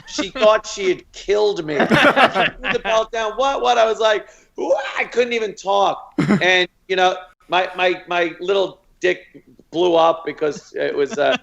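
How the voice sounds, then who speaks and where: A man's voice: sits high, measured pace, vocal fry, a bit bright, muffled recording. A man casually telling a funny childhood story, laughing through it.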